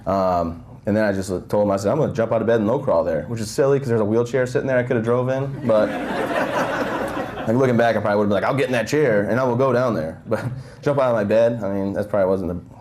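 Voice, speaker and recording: A young man tells his story to a room of listeners at a rapid clip, his voice sitting on the lower side. He keeps it loose and joking, full of "you know" and "um", with the microphone held close enough to catch his breathing. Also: a little mellow, slight background noise. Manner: joking, conversational storytelling with many fillers. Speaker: guest speaker. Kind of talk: motivational talk to an audience. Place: breakfast event hall. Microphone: handheld mic held close, audible nose breathing.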